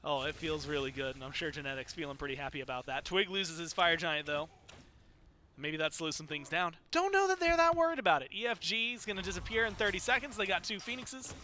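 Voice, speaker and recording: A man giving excitable play-by-play commentary on an esports match, his voice climbing on the big plays. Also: fairly high pitch, fairly quick, a little hiss or hum. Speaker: esports caster.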